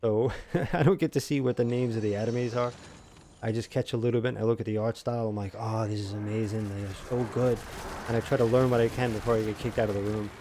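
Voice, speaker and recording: A man's voice: fairly low pitch, fairly even intonation, fast talker, noisy background. A man streaming a video game, chatting casually with viewers, self-mocking and rambling with lots of fillers. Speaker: gaming streamer. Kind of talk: casual live-stream chat while gaming.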